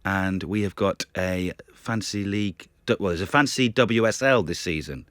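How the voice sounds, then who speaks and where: A man's voice: low-pitched, normal speed, fairly bright tone, clean tone, no echo. A man co-hosting a casual podcast, laughing often and defending himself playfully against teasing. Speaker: podcast co-host. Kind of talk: casual chat.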